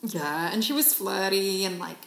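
A woman's voice: mid-range voice, expressive, moderate pace, gravelly. A woman co-hosting a podcast, chatting casually in a rambling way with many restarts. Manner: rambling, trails off and restarts, lots of fillers. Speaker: podcast co-host. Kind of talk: casual chat. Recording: echoey room.

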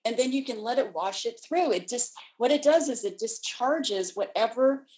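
A woman co-hosting a casual spiritual chat, telling stories and explaining ideas in a steady conversational way. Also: a little high, normal speed, low-quality recording. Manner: storytelling, acts out voices in anecdotes. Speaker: co-host.

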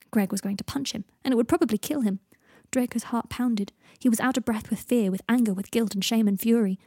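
Husky woman reading a story aloud. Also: on the high side, brisk, mellow, dry recording, studio quality. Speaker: reader. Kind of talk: reading fan fiction aloud.

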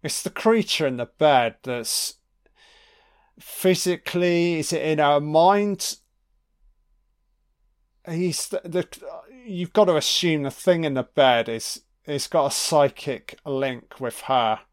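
A man giving a casual watch-along film commentary, full of excitable, profane reactions. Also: a little high, takes it slowly, clear, resonant tone.

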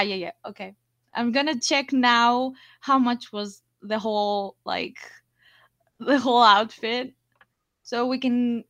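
A young woman co-hosting a podcast, chatting in an unhurried, relaxed way and laughing easily. Her voice is a touch high and she takes her time over each phrase. The recording is dry and close. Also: no room sound. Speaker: podcast co-host. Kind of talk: casual chat about a TV show.

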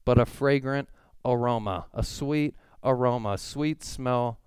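Pastor, male, very clear voice, earnest preaching, dry close sound. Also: medium pitch, unhurried, darkish tone, dry recording. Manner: earnest preaching, rising emphasis on key words. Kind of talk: sermon.

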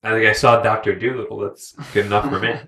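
A man's voice: on the low side, little pitch movement, fast, pushed and bright. A young man co-hosting a casual podcast chat, laid-back and full of filler words. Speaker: podcast co-host.

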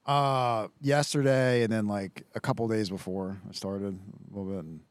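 A man hosting a casual podcast in a backyard, making offhand deadpan jokes. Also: fairly low pitch, moderate pace, no echo. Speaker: podcast host.

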